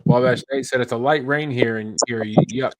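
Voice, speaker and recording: A man's voice: mid-range voice, moderate pace, no room sound. A man, co-hosting a fishing livestream, reading viewer comments aloud in an easygoing way and laughing between them. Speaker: livestream co-host reading chat.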